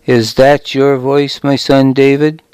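A remorseful aging king calls out plaintively, as a man reads the part. The delivery is slow and measured in an ordinary register. It is an audiobook with a dry, close sound. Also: medium pitch, little pitch movement, a little mellow, clear, resonant tone, no room sound, lightly acted. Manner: plaintive, calling out.

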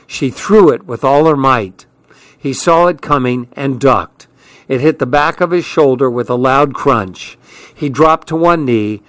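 A man reading a first-person story aloud as an audiobook narrator, with steady storytelling delivery. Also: mid-range voice, dry recording. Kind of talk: scripted narration.

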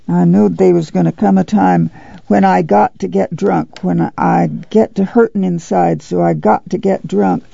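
A man voicing a guilt-ridden, sorrowful farm uncle who talks haltingly in rural dialect. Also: high voice, steady tone, gravelly, mellow, no echo, exaggerated voice. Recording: dull dry lo-fi studio read.

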